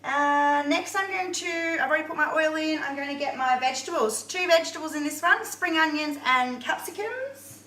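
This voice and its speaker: A woman chats to her viewers as she cooks live in her home kitchen. Her voice sits high, and her talk is easy and conversational. The live stream carries clear background noise. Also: normal speed, hardly any pauses, pushed and bright, far from the mic, poor audio. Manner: chatty, talks to viewers while cooking. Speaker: home cook hosting a live cooking video. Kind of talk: live cooking demonstration, chatty.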